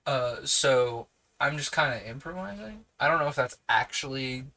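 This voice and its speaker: Bright-voiced New Zealand man reading aloud. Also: mid-range voice, lively intonation, moderate pace, rough recording. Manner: chatty, digresses and answers live chat between passages. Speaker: livestream book reader. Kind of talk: reading a novel aloud with casual chat asides.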